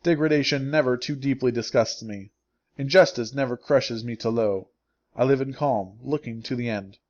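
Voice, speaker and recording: Man voicing a calm, devout schoolgirl in a storybook reading; measured and earnest, mid-pitched, slightly dull lo-fi sound. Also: lightly acted. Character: gentle, pious young schoolgirl, calm and patient.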